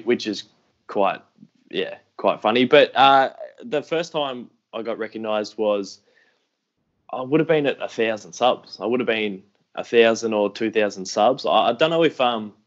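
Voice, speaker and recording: A man's voice: fairly low pitch, normal speed, lo-fi sound. A young Australian man telling stories in a casual podcast interview, rambling and self-deprecating, acting out what people said. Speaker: podcast guest, AFL YouTuber.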